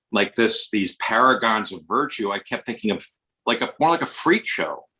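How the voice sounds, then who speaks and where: A man's voice: lowish voice, sharp tone, low-quality recording. A man from the US, an actor guest on a podcast, talking in a digressive way with many restarts. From Westchester, New York, US. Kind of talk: casual podcast conversation.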